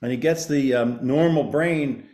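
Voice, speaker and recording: A man's voice: mid-range voice, a little slow, mellow. Laughing middle-aged male co-host, roomy sound. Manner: laughs often, enthusiastic. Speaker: podcast co-host. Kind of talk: casual chat. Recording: roomy echo.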